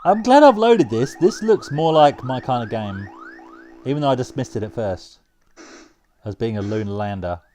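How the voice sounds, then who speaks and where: Excitable man commentating his gameplay. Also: mid-range voice, moderate pace, pauses often, a little hiss or hum. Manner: excitable, laughs often, talks to himself while playing. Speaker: retro gaming vlogger.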